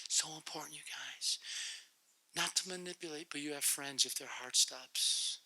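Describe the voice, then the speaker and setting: A middle-aged man telling a testimony to a youth group and praying, in an animated, comic, repetitive storytelling manner. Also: on the high side, moderate pace, breathy edge, low-quality recording. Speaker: guest speaker to youth group.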